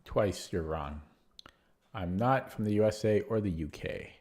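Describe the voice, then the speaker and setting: A young man with a slightly low voice talks through chess puzzles on a live stream. He thinks aloud, stumbles and restarts on words as he works out lines, and answers his chat between moves. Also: animated, measured pace, a little mellow. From Canada. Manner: chatty replies to viewer chat.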